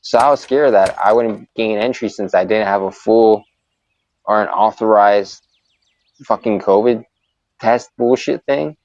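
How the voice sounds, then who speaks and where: Male streamer, low voice, swearing, ranting storyteller; dull lo-fi mic. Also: measured pace, a little mellow, no echo. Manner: profane, ranting, exasperated. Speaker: live streamer. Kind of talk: casual storytelling while gaming.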